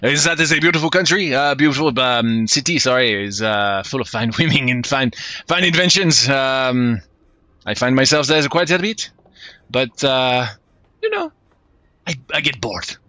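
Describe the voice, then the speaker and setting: A man's voice: mid-range voice, animated, moderate pace, bright, forceful tone, dry recording, pitched above the performer's own voice. A man voicing a flamboyant male mercenary sailor with a put-on French accent, boastful and full of hesitations.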